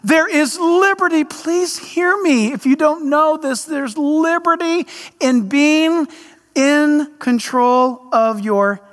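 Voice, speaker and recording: A man's voice: very high-pitched, takes it slowly, fairly bright tone. A male pastor preaching a conversational sermon to his church, full of emphatic rhetorical questions. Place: church sanctuary. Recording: long reverb of a large hall.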